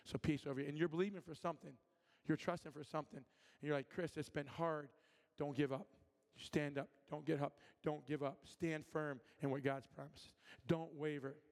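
A man from Michigan preaches in a church, his voice pitched a little high for a man. He tells stories animatedly, acts out every voice and often restarts his sentences. His words ring out with a long hall reverb. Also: steady tone, fairly quick, darkish tone. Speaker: guest preacher. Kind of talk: sermon with storytelling and prophetic ministry. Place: church sanctuary.

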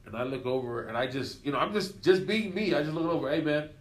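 A man's voice: mid-range voice, fast talker. A man in his fifties telling stories casually as an interview guest, acting out other people's lines as he goes. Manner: lively storyteller who acts out others' lines. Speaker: radio personality guest. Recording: echoey room.

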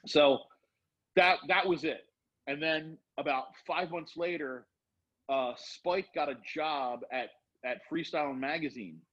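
A man's voice: a little high, unhurried. A middle-aged man telling a long rambling story in casual chat, acting out what people said. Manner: rambling, animated, acts out quotes. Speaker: storyteller guest. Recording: dull lo-fi sound.

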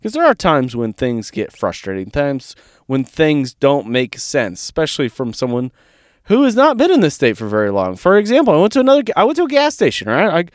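In a dry, studio-quality recording, a podcast co-host from Georgia tells a casual story with a fairly high voice, speaking a little fast. Animated and relaxed, he curses freely and drops "dude."

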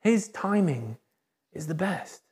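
High-voiced man preaching a lively sermon. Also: slow pace. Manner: lively, conversational preaching, acting out quoted voices; asks the congregation for call-and-response. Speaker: pastor. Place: church service.

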